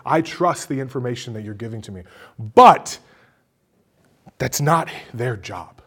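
A male pastor preaching a sermon, his voice dropping low and quiet and then rising into loud, emphatic bursts. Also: expressive, moderate pace, slightly rough.

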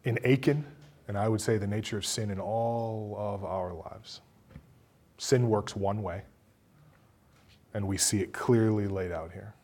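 A man's voice: on the low side, steady tone, a little slow, long pauses. Emphatic male pastor preaching. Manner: swings from quiet to loud, emphatic bursts. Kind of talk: sermon.

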